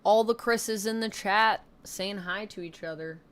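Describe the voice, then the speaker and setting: A woman's voice: medium pitch, measured pace, fairly bright tone, clear, resonant tone. A young woman from Canada with a slight Southern twang, chatting casually and rambling on a live stream from her home desk mic. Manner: chatty, rambling, self-deprecating.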